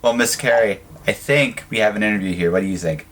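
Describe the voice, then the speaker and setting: Deep-voiced man hosting a podcast. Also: a bit bright, slight background noise. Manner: halting, with frequent restarts and repeated words. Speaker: podcast host. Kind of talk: casual conversational interview.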